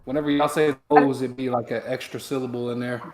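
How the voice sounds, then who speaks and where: A man's voice: mid-range voice, flat delivery, fast, echoey room, a crowd in the background. An American man co-hosting a casual sports watch-along, laid-back and laughing often. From United States. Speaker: co-host. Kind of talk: casual chat.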